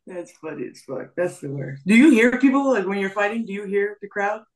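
A woman's voice: medium pitch, lively intonation, moderate pace, recorded from a distance. A woman fighter guest telling her stories bluntly, with easy laughter. She sits a little back from the mic, and the room adds an echoey tail. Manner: laughs easily, blunt and profane. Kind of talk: casual interview chat.

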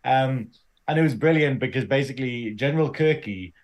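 A man's voice: medium pitch, brisk. A man co-hosting a podcast in casual chat, laughing often and swearing freely. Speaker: podcast co-host.

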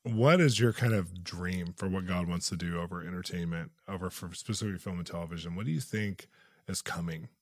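A man's voice: sits low, no echo, clean studio sound. A man hosting an interview, playful and enthusiastic, asking questions and joking with his guest. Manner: playful and enthusiastic, quick to laugh. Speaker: host. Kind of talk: casual interview chat.

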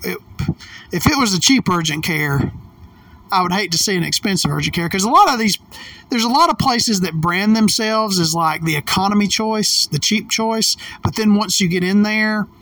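A woman's voice: mid-range voice, a bit bright, no echo. Woman, casual storytelling, profane and emphatic, dry sound, a little far from the mic. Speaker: vlogger.

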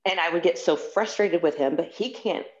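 A woman's voice: lowish voice, moderate pace. A woman in her forties talking candidly and frankly in a casual conversation. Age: 40s. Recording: dull lo-fi sound.

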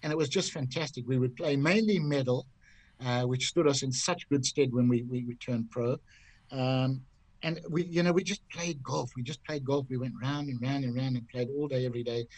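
An older man from Zimbabwe telling golf stories in a lively, theatrical way. His voice sits at an ordinary middle pitch, and he throws in little impressions of the people in his tales. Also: normal speed, no echo, poor audio. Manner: lively raconteur who acts out other people's voices. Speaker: guest, golf commentator. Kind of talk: anecdotal storytelling.

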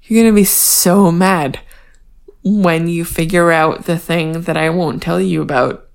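A woman co-hosting a podcast, recapping an episode with dry, teasing asides. She speaks in an unhurried, drawn-out way, and her voice sits lower than most women's. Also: fairly even intonation, creaky, clean tone. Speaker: podcast co-host. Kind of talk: casual chat recapping a TV episode.

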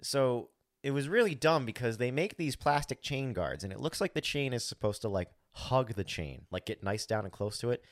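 In studio-quality audio with no room sound, a man with an expressive mid-range voice tells a story at a moderate pace while co-hosting a podcast. The chat is casual; he's animated, plays out his own thoughts, swears freely and fills constantly with "like."

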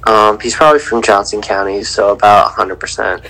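A man from Kansas City, co-hosting a casual podcast with dry, deadpan quips. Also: lowish voice, a little fast, rough recording. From Kansas City, USA. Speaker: podcast co-host.

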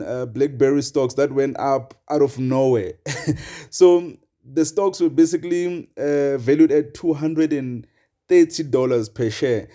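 A young man talks loosely into his podcast mic, looping back on himself with "uh" and "like" and chuckling between points. His voice is dark and mellow, and his pitch sits in an ordinary middle range. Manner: rambling, chuckling, many fillers. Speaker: podcast host. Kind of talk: casual solo podcast monologue.

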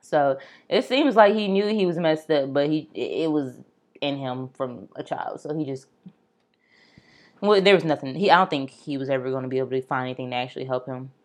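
A woman's voice: a bass voice, fairly quick. A young woman hosting a casual true-crime podcast, chatty and blunt, swearing and turning to her listeners with asides. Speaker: podcast host.

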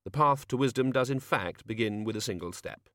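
A man reading a novel aloud as an audiobook narrator, wry and expressive. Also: medium pitch, a little fast, no echo, studio quality. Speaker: audiobook reader.

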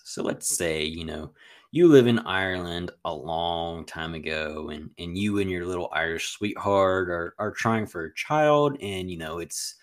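Very deep-voiced man rambling casually. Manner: rambling, filler-heavy storytelling with playful jabs. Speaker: podcast co-host. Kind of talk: casual podcast chat.

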